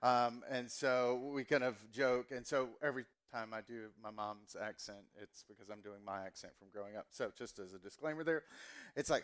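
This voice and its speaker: A man's voice: medium pitch, moderate pace, fairly bright tone, clean tone. A man in his forties, from the American South, preaching a sermon as a pastor in a casual, joking way with many fillers. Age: 40s.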